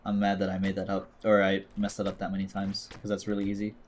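A man's voice: low-pitched, monotone, fast talker, slight background noise. A man streaming a video game, chatting casually to himself and his viewers in a jokey way. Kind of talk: casual gameplay commentary.

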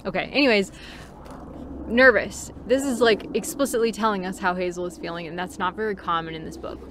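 A woman's voice: medium pitch, steady tone, brisk, background noise. Casual Californian woman, unedited home book-review talk, chatty and rambling. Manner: chatty, rambling, with fillers and laughs. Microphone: home recording, unedited.

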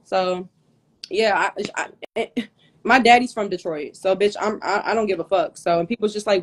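A woman speaks at normal speed in a medium-pitched voice. Sweating and overheated as she hosts a live stream on her phone, she rants at a rival with anger, profanity and open confrontation.

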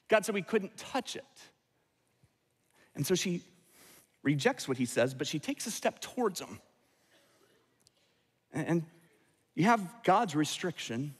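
A man's voice: fairly high pitch, slightly rough, big-room sound. A male pastor giving a sermon in a conversational, wry style with asides to the congregation. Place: large church auditorium.

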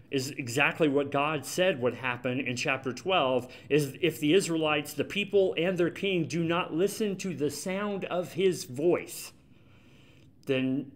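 A man preaching a sermon as pastor in a church, conversational and emphatic, repeating his key points. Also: mid-range voice. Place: church sanctuary.

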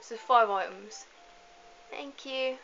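A woman's voice: a little high, slow pace, a bit bright. A woman giving casual, rambling commentary over a video game, chatty and often apologizing in asides. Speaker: gameplay commentator. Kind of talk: casual let's-play commentary. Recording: slightly dull lo-fi home mic with faint hiss.

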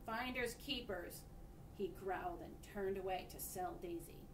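A woman expressively reading a picture book aloud to children, pausing to point out the pictures. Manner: expressive, pauses to show pictures. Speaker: storybook reader. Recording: echoey room, distant mic, faint rumble.

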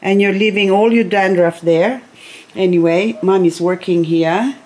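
A middle-aged woman chatting casually at home in a soft, slow way, now and then baby-talking to her pet bird. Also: medium pitch. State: grieving, recently teary. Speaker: gardening vlogger. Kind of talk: casual chat to camera. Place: home, indoors.

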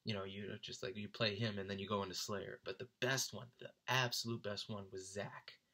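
Animated young man telling a story, bright voice. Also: on the low side, a little fast. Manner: animated, laughing often, mimics friends. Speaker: vlogger recounting a concert. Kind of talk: casual storytelling.

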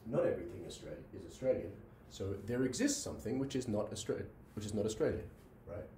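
A man with a low, mellow voice gives a university lecture, pausing on fillers and asking "right?" to check understanding. He sounds set back from the mic in a roomy hall, with faint room ambience behind him. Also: animated, far from the mic, a little hiss or hum. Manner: talks through examples with frequent "right?" checks and fillers.

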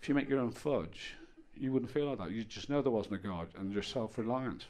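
Deadpan stand-up comedian. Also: male voice, mid-range voice, brisk. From Ireland. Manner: deadpan storytelling, bursts of loud exasperation. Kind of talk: stand-up set. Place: comedy stage with audience.

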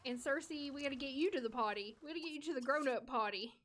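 A woman's voice: sits high, quick pace, fairly bright tone. A woman from the United States streaming a life-sim game, chatting casually with viewers and talking to the characters.

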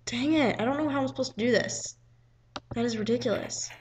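A woman's voice: on the high side, fairly quick, a little mellow, a little hiss or hum, low-quality recording. A woman commenting casually on a game she is playing, exasperated and chattering, chanting along with the action. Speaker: gaming video host. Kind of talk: casual let's-play commentary. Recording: game music playing behind.

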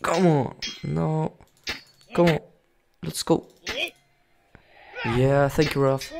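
A young man giving excitable casual commentary while playing a game, reading its text aloud and yelling at enemies. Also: mid-range voice, takes it slowly, creaky, pauses often. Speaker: gaming YouTuber.

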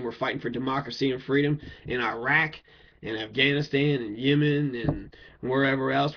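On a dull lo-fi recording, a medium-pitched man from Kentucky delivers a profane political rant. His manner is blunt and heated, with curses and rhetorical questions throughout.

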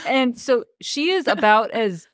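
A woman's voice: fairly high pitch, lively intonation, unhurried, no room sound, clean studio sound. A woman co-hosting a book podcast in casual chat, laughing often and swearing freely. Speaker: podcast co-host.

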